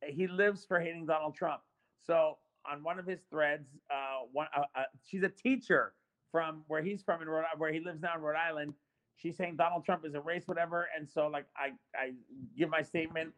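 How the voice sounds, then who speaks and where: Man, 50s, bright forceful tone, animated storyteller, casual podcast talk. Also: on the high side, moderate pace, poor audio. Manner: animated storyteller, lively retelling of arguments.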